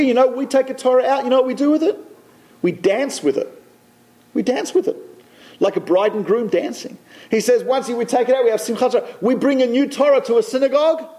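A man's voice: very high voice, a little mellow. A man giving an anecdotal talk to a congregation, repeating phrases for emphasis as he tells a story.

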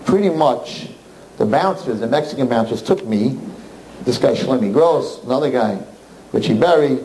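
Rabbi guy telling a story, lively and emphatic, mid voice, little bit of noise behind. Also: mid-range voice, poor audio. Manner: animated, emphatic, jumps into quoted voices. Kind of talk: storytelling talk to an audience.

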